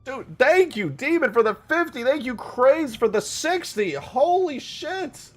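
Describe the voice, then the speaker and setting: A man live-streaming casual chat, excitable and foul-mouthed, yelling thanks to his chat and then mumbling asides. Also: extremely high pitch, measured pace, faint music behind. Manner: excitable, swears a lot, yells thanks to chat; swings between mumbling asides and loud outbursts. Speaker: livestreamer and game modder.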